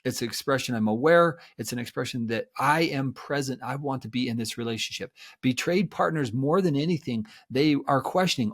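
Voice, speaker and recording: Guy guest expert, earnest, keeps going "and, and" as he explains, middle pitch. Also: brisk, hardly any pauses. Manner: earnest, repeats words when starting a thought. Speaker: guest expert on betrayal recovery. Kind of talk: explanatory interview talk.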